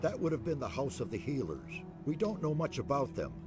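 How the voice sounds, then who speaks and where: An actor playing an elderly mage leader in a game, speaking in a solemn, measured, formal way. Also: male voice, mid-range voice, big pitch swings, over music, close to an everyday voice. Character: elderly male mage leader, grave and fatherly. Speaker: game character.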